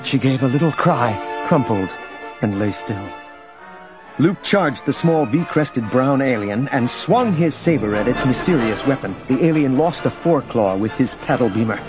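A man reading a story aloud as narrator, in a steady, measured way. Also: mid-range voice. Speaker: audiobook narrator. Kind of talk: scripted narration. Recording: dull lo-fi recording, faint music.

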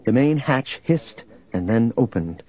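A male narrator reading a novel aloud in even, steady storytelling. His voice is husky, of middling pitch, and the recording sounds dull and slightly muffled. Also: a little slow. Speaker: audiobook narrator. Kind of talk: scripted narration.

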